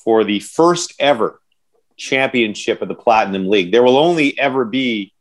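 A man's voice: medium pitch, expressive, normal speed. A man hosting a podcast in casual chat, rambling, correcting himself and joking with his co-hosts. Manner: rambling, self-correcting, jokey. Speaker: podcast host.

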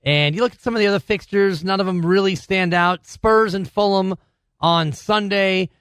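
A man from the Bay Area hosts a casual soccer show with a slightly high-pitched voice. He runs through fixtures in a steady, wry presenter tone. The recording is dry and close. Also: normal speed, clear, resonant tone, no room sound. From Bay Area, California. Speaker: soccer podcast host. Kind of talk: casual sports talk, previewing fixtures.

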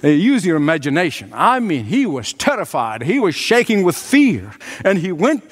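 A man's voice: high-pitched, huge pitch swings, normal speed, slightly rough. A man preaching a sermon in an earnest, emphatic way, often speaking straight to his listeners.

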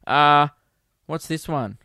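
A man's voice: a little high, slow pace, clear, resonant tone, no room sound. Crude, self-amused Australian man, dry sound. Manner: crude, self-amused, rambling with fillers and loud outbursts. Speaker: comedian podcast host. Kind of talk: casual storytelling monologue.

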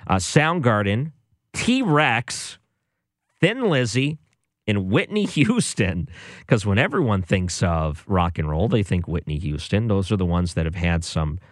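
A man's voice: lowish voice, very animated, measured pace, no echo, clean studio sound. A man hosting a show, giving casual music commentary with a sarcastic, exasperated manner. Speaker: radio or podcast host.

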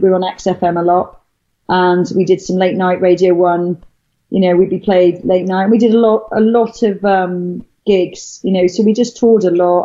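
A middle-aged Welsh woman with a mid-range, dark-toned voice tells her story as a guest in casual chat. She rambles, full of fillers and restarts, and the recording has a dull lo-fi quality.

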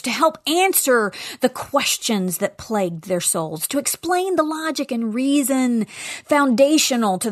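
Woman, podcast host, earnest, emphatic, fairly high voice, dry close mic. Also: no echo. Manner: earnest, emphatic, drops to a near-whisper for weight. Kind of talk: faith-teaching podcast monologue.

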